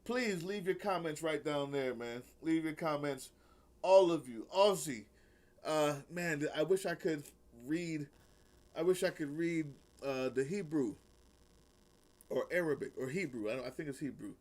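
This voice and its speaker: A man co-hosting a casual talk show, animated and quick to laugh as he reviews rap battles and greets viewers. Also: fairly high pitch. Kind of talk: casual chat.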